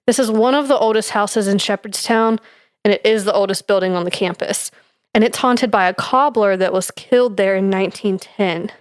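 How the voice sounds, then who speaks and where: A young woman co-hosting a casual podcast chat, working through her notes with fillers and easy laughter. Her voice sits at an ordinary middle pitch. The sound is close and dry, with no room around it. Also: normal speed, clear, resonant tone, dry recording. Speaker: podcast co-host presenting research.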